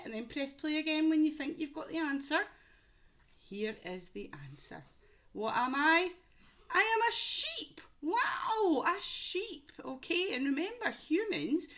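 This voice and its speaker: A woman's voice: on the high side, a bit bright. A young woman teaching young children through a home-learning quiz, with exaggerated questions and encouragement. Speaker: primary school teacher.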